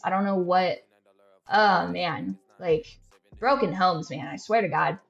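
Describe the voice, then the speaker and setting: A woman's voice: mid-range voice, moderate pace, creaky, muffled recording. A woman hosting a podcast, telling a story in blunt, profane casual chat full of filler words, acting out her friends' lines. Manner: acts out friends' lines in quoted asides. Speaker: podcast host.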